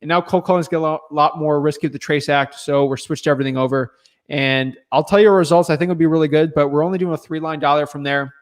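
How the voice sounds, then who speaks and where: A man answering viewer questions in a relaxed, chatty livestream, talking loosely with lots of filler words. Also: fairly high pitch, fast talker. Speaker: real estate wholesaler answering viewer questions. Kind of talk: casual livestream chat.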